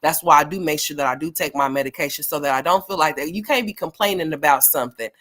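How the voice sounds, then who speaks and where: A woman's voice: low-pitched, quick pace, fairly bright tone. Folksy woman host calling everyone honey. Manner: folksy, calls people honey and sweetheart. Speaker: livestream host. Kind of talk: casual livestream commentary. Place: home, camera off.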